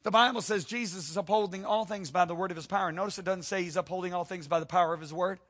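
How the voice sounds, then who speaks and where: Emphatic high-voiced male preacher. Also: fast, fairly bright tone. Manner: emphatic, calls out to the congregation, repeats for stress. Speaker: pastor. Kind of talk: sermon.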